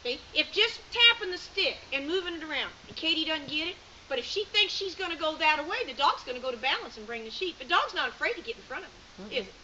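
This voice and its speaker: A woman's voice: high voice, very animated, quick pace, hardly any pauses, bright, forceful tone. A woman, coaching a student as a sheepdog trainer at an outdoor clinic, directive and chatty, explaining as she goes. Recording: muffled outdoor recording with hiss.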